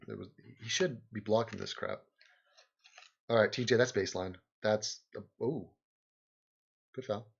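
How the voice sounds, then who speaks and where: A man's voice: fairly low pitch, vocal fry, husky. Rambling sarcastic man on a dull stream. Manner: rambling, sarcastic, laughs often. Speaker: livestream host. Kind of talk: casual rambling commentary over a game.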